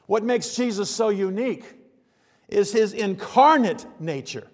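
A man's voice: sits high, lively intonation, measured pace, big-room sound. A man preaching a sermon in a conversational way, asking many rhetorical questions and building to emphatic bursts. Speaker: pastor.

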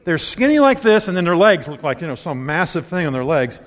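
Animated male pastor in reverberant hall. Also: a little high, brisk. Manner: animated storyteller, acting out scenes. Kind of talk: sermon with personal story.

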